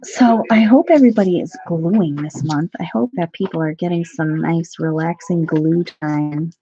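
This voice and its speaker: A woman in her thirties talks through her crafting on a home livestream, chatty and quick to laugh. Her voice sits fairly low. The sound is dry and a little muffled, with no room echo. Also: mellow, husky. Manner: chatty and laughing, talking between her child and viewers. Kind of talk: casual livestream chat.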